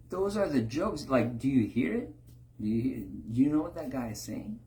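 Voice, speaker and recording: A man's voice: medium pitch, sing-song, normal speed, darkish tone. A man giving an informal sermon, often tagging his points with a rhetorical question. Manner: rhetorical, keeps asking "right?". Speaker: preacher.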